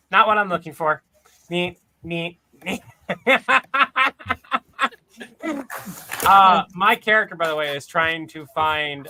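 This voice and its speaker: A man's voice: a little high, pushed and bright, slight background noise. A man playing a tabletop game, casually describing his character's actions aloud. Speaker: player.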